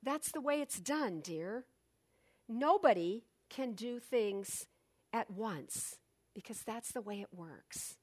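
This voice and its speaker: A fretful, hand-wringing old queen from a storybook, fussing and pleading in a high voice, as a woman reads her lines aloud. She speaks slowly. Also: sing-song, fairly bright tone, heavily acted. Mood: soothing.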